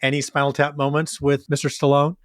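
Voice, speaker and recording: A man's voice: a little high, completely flat delivery, a little fast. A man hosting a podcast, asking interview questions in an easygoing, conversational way. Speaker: podcast host.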